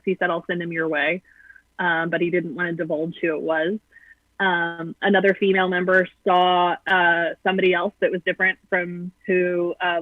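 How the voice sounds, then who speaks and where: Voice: medium pitch, dry recording. A guest commentator calling in, blunt and sarcastic, with frequent ums. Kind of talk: political commentary over the phone. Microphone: phone call. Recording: tinny phone line, dry.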